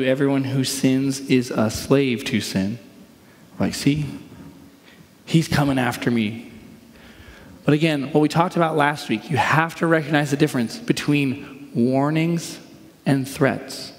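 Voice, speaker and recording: A man in the middle of a sermon, talking easily and plainly, with a mid-range voice. He slips into little acted-out quotes as he walks through scripture. His voice rings out with a long reverb that carries through the church hall. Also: mid-range voice. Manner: conversational preaching with acted-out quotes. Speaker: pastor.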